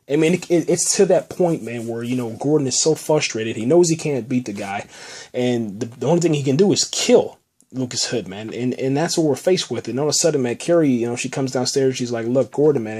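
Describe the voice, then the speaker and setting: A podcast host with a slightly rough, mid-range voice gives a casual spoken recap of a TV episode. He rambles and is excitable, clearly enthusiastic about the show, saying "man" and "you know" constantly.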